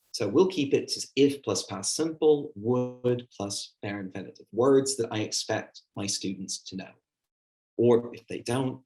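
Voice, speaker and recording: Here a man with a mid-range, slightly mellow voice runs an online workshop for teachers. Chatty and full of fillers, he acts out his own classroom talk.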